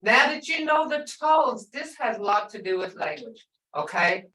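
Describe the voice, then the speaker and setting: A slightly high, animated voice with a sharp tone comes from an older woman teaching language by video call at normal speed. She patiently stretches words out to show how they sound, heard from far off the mic in a roomy space.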